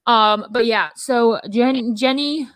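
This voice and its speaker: A woman co-hosting a casual talk show, telling stories in a rambling, animated way full of restarts. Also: a little high, takes it slowly, dry recording. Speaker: podcast co-host. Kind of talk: casual chat.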